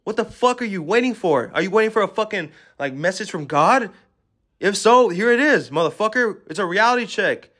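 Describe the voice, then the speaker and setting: A man's voice: high voice, expressive, a little fast, fairly bright tone. A man hosting a podcast, giving an aggressive, swear-filled motivational rant at the listener. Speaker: podcast host.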